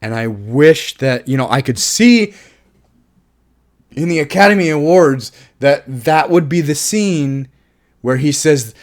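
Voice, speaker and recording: A man's voice: on the high side, expressive, takes it slowly. A man giving a casual, enthusiastic film review, rambling with restarts, swearing and laughing at his own jokes. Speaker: movie reviewer.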